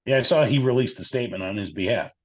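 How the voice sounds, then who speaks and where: A man's voice: mid-range voice, quick pace, dull audio. A man co-hosting a wrestling podcast, chatting casually in a laid-back, agreeable way with mostly short replies. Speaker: podcast co-host.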